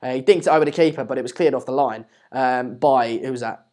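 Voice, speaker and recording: A man's voice: medium pitch, fast, a little mellow. A man hosting a live football watchalong, chatting casually, reading viewer comments and repeating himself. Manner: rambling, repeats words and phrases.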